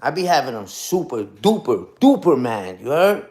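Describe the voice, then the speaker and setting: A man's voice: mid-range voice, big pitch swings, normal speed, darkish tone. A man ranting casually to his live chat in streetwise slang, dropping "you heard?" after his points and repeating himself. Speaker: livestream host.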